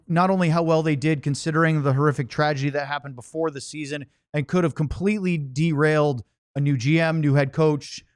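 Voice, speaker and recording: A man's voice: on the high side, clean tone, dry recording, studio quality. A man hosting a sports podcast, thanking a guest and leading the talk in a friendly, upbeat way. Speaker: podcast host. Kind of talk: casual podcast chat.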